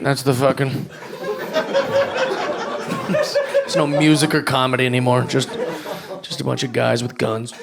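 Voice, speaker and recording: A man doing a stand-up routine, mocking and profane, with animated rants. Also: a little high, heavy background noise. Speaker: stand-up comedian. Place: comedy club stage with live audience. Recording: live club recording with loud audience laughter.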